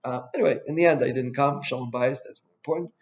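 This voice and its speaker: A man, a rabbi, giving an informal Torah class in a chatty, anecdotal way with quick asides. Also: medium pitch. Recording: dull lo-fi sound.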